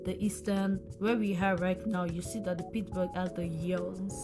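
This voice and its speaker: A woman's voice: fairly low pitch, little pitch movement, moderate pace, music in the background. A woman podcast co-host who teaches, talking in a hesitant, thinking-aloud way full of "like" and "um". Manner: hesitant, uses 'like' and 'um', thinks aloud. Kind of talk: casual podcast chat.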